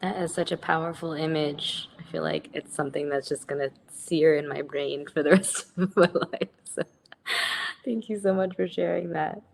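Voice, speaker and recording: A woman's voice: low voice, fairly even intonation, moderate pace, creaky, a little mellow. A woman moderating a discussion, thanking speakers and inviting others in an encouraging way. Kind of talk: hosting a discussion.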